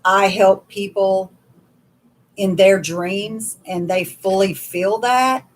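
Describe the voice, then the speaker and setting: A woman's voice: mid-range voice, fairly even intonation, slow pace. A woman co-hosting a casual spiritual livestream, explaining her dream work in an earnest way. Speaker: dream worker and co-host.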